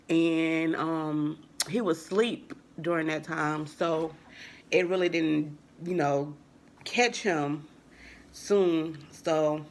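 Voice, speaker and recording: A young woman with a low, steady voice recounts a personal story for her vlog, talking a little slowly over a slight hiss or hum. Her telling is casual and meandering, full of fillers and reenactments introduced by "I was like."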